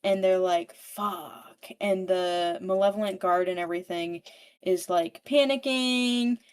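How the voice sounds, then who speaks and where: A woman's voice: on the low side, unhurried, smooth. A woman in casual podcast chat, retelling a novel's plot with frequent swearing and constant "like" fillers. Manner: swears freely, fills speech with "like"; animated storyteller, paraphrasing characters. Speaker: book podcast participant. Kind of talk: casual book recap chat.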